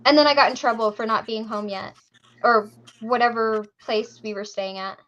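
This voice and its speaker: A woman co-hosts a casual chat. She tells her stories in an animated way and swears freely. Her voice is bright and high, and it comes through dull lo-fi audio. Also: normal speed. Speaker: podcast co-host.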